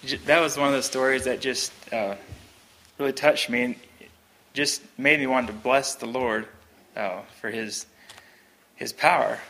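A man's voice: mid-range voice, steady tone, measured pace, pauses often, bright, forceful tone. A man reading a Christian story aloud in an earnest, plain storytelling manner, then chatting about it. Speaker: reader.

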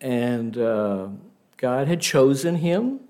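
A man preaching a sermon, telling stories in an unhurried way and asking the listeners rhetorical questions. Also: medium pitch, expressive, mellow.

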